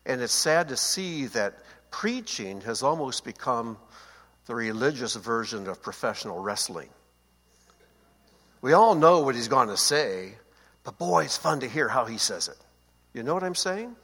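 A man's voice: mid-range voice, sing-song, unhurried, fairly bright tone, breathy edge. A man giving a conversational Bible teaching, often checking that his listeners follow. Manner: conversational, asks listeners to confirm. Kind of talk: seated Bible teaching talk. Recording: long hall reverb.

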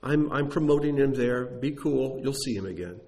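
A man voicing God as a calm, reassuring figure who speaks casually, in a slightly raised voice. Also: medium pitch, moderate pace, gravelly, natural voice. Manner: casual, comforting.

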